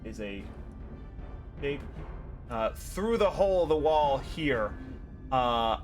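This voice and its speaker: Male game master, casual and self-mocking, voice a touch high, faint music underneath. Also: big pitch swings, slow. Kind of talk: narrating a tabletop game.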